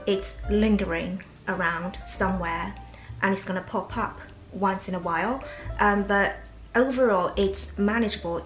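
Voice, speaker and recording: British-accented woman in a roomy echo. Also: mid-range voice. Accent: British English, learned. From China. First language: Chinese. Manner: candid and reflective, with soft fillers. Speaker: English teacher and channel host. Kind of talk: casual personal vlog monologue. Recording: roomy echo with faint background music.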